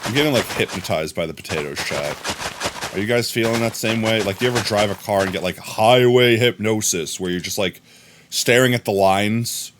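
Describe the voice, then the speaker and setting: A man livestreaming a game, chatting casually with his viewers in a rambling, jokey way that often trails off into a low mumble. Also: normal speed, noisy background. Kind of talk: casual live-stream chat with viewers.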